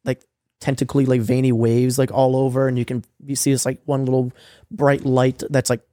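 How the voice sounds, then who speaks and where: A young man telling a story in casual chat, swearing a lot and filling his talk with "like" and "um," sometimes acting out quoted lines in a higher voice. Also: little pitch movement, normal speed, mellow, dry recording, studio quality. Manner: profane, rambling storytelling with many fillers; acts out quoted lines with a raised voice. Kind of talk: casual recap of a streamed game.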